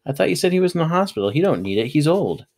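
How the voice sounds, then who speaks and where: A man's voice: on the high side, big pitch swings, rapid-fire, voice pushed up. A man putting on a brash, squawking teenage boy. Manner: pushy, loud and squawking.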